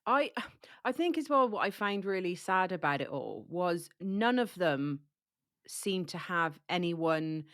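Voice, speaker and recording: A woman's voice: lowish voice, expressive, slow, a bit bright, no echo, studio quality. A woman with a cold chatting casually about a book, full of "like" and restarts. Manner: chatty, lots of likes and restarts. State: has a cold, coughing. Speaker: book discussion co-host.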